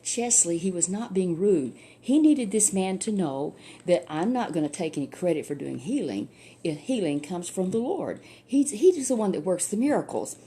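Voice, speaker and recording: A woman's voice: lowish voice, lively intonation, moderate pace, dark tone, a little hiss or hum. An older woman, a grandmother telling a Bible story to a child in a folksy, chatty way full of asides.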